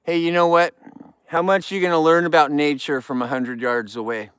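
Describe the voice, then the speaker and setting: A man's voice: on the high side, fairly even intonation, normal speed, fairly bright tone, clean tone, no room sound. A man hosting a casual live vlog outdoors, talking straight to viewers in an upbeat, rambling way. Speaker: outdoor livestream host. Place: outdoors in the wild.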